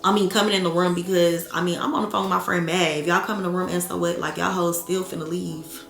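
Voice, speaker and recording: A young woman from Atlanta telling a story to camera, animated and blunt, swearing freely and talking to viewers as y'all. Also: lowish voice, quick pace, vocal fry. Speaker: vlogger. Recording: echoey room with faint music.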